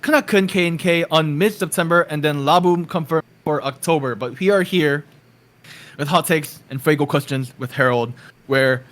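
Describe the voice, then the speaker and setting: A man's voice: a little high, moderate pace, fairly bright tone. A man co-hosting a casual podcast, easygoing and teasing, reading out a list of release dates. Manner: easygoing, teasing, laughs often. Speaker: podcast co-host.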